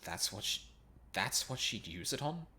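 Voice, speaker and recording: A man with a low voice and a sharp, bright tone reads a video game's text aloud, tripping over unfamiliar words and tossing in casual, sweary asides. Faint game music plays softly behind him. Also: sing-song, moderate pace. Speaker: streamer. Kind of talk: reading game text aloud while playing.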